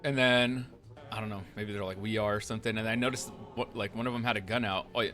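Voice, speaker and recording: A man's voice: on the low side, fairly even intonation, quick pace, bright, forceful tone. A man casually retelling events from a roleplay game, rambling and profane, acting out the lines of others. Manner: profane, rambling, acts out the quotes. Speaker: roleplay streamer.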